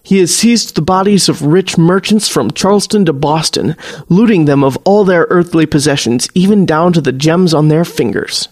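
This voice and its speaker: A man's voice: fairly high pitch, normal speed, natural voice. A man doing a stiffly formal naval warlock. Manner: archaic, stiffly formal speech.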